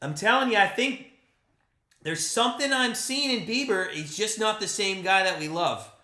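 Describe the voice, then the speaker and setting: An excitable young man calls a ball game live for his stream, chatting with viewers and swinging between hype and frustration. His voice sits high and sounds bright and forceful, and the echoey room rings around it. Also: normal speed. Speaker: live stream play-by-play host. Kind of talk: fan play-by-play and live reaction.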